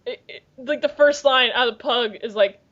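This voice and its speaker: A woman's voice: a little high, brisk, fairly bright tone. A young woman co-hosting a podcast in casual chat, rambling and giggling through stories. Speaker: podcast co-host. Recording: lo-fi muffled podcast audio.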